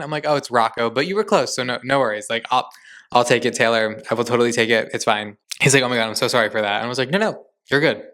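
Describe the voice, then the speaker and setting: A young man hosts his own podcast and tells his stories in a chatty, gushing way. He keeps slipping into quoted back-and-forth dialogue. His voice is smooth and clear, at an ordinary pitch. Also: quick pace, fairly bright tone. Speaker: podcast host. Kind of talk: casual solo podcast recap.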